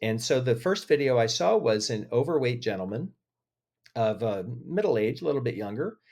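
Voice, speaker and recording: A man speaking as a podcast guest, telling stories with feeling and lively emotion in an interview. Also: medium pitch, moderate pace. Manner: emotional, animated storyteller. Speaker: podcast guest, agency head. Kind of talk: interview conversation.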